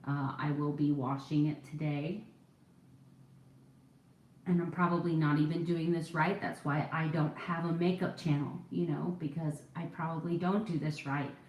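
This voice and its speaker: A woman's voice: sits low, steady tone, normal speed, darkish tone. Chatty woman in her forties, roomy sound. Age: 40s. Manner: chatty, rambling, self-deprecating. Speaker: vlogger. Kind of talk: casual get-ready-with-me chat. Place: at home doing her makeup.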